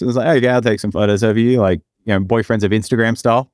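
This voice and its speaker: A man's voice: steady tone, fast, smooth, no echo. A young man rambles through a long personal story, full of fillers and restarts. His voice sits in a middling range and jumps up sharply when he acts out what others said. The sound is close and dry, with no room around it. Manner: rambling, acts out quoted lines with big pitch jumps. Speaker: podcast co-host. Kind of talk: casual storytelling.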